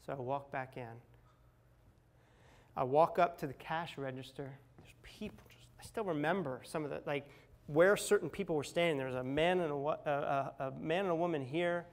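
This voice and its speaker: A man's voice: fairly high pitch, steady tone, normal speed. Candid man telling a personal story. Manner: candid, dramatic retelling with acted quotes and swings from loud to hushed. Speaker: speaker sharing a personal recovery story.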